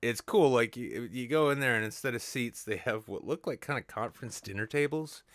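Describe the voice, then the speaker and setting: A man's voice: medium pitch, fairly quick, fairly bright tone, dry recording, clean studio sound. A man hosting a podcast, telling crude jokey stories in casual banter. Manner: crude joking storyteller. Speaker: podcast host.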